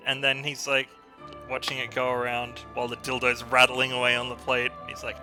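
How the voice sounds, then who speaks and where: A man co-hosts a let's play video, chatting casually over gameplay as an animated storyteller who laughs often and acts out funny scenes and quotes. His mid-range voice runs a little fast over a music bed.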